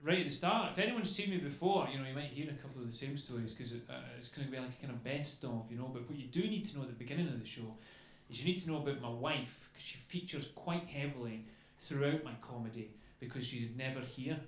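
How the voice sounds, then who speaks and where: Barely pausing, a fast-talking comedian with a mid-range voice rambles through his club set, tagging lines with "okay?" and "you know." His chatty delivery echoes around a room with faint noise.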